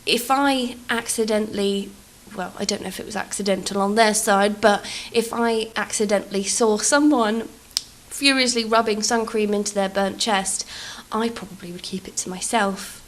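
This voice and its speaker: A woman's voice: mid-range voice, steady tone, normal speed, rough recording. Chatty British woman vlogger. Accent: British English. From England. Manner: chatty, self-deprecating, rambling with fillers. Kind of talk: casual storytelling over a game build.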